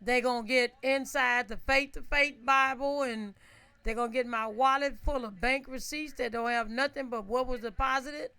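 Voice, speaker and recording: A woman tells a story in a relaxed, chatty way, laughing often and checking in with her listeners. Her voice sits high with a gravelly edge. Her tone is bright and sharp. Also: moderate pace. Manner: animated, laughs often, asks listeners "right?"; acts out her own shouts and quotes. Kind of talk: casual storytelling.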